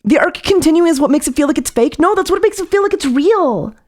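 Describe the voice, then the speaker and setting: A woman's voice: high voice, lively intonation, quick pace, darkish tone. A woman streamer reacting to a video, talking casually and leaning on "like" and "right?". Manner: chatty, full of "like" and "right?".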